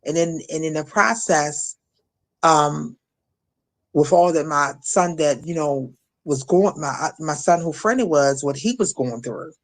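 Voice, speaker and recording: A middle-aged woman from Maryland recounting a personal ordeal as an interview guest, halting with many restarts and fillers. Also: deep voice. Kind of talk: emotional personal testimony.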